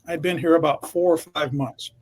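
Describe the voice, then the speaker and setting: A man's voice: on the high side, fairly even intonation, moderate pace, darkish tone. A man in his sixties, a veteran TV reporter, telling a confident, emphatic story from his career. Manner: confident, emphatic anecdote teller. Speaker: TV reporter guest. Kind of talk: storytelling in interview.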